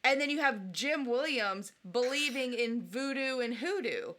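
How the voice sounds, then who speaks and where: A woman co-hosting a podcast in casual chat, animated and jokey, often acting out quotes from the film. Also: on the high side, measured pace. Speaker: podcast co-host.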